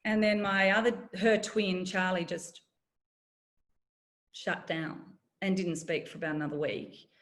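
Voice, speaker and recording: A woman's voice: lowish voice, steady tone, measured pace, fairly bright tone. A middle-aged woman, telling a personal story in an interview, candid and wry. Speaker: guest, former journalist.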